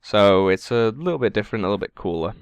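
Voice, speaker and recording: Man, deep smooth voice, casual gaming podcast co-host, dry jokes, slightly hoarse. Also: animated, fast, no room sound. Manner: runs through a game list, dry jokes. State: voice going hoarse.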